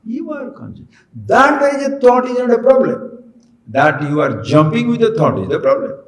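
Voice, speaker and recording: A man's voice: extremely high pitch, animated, moderate pace, roomy sound, poor audio. A man giving a spiritual discourse, pressing his listeners with rhetorical questions. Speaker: spiritual teacher.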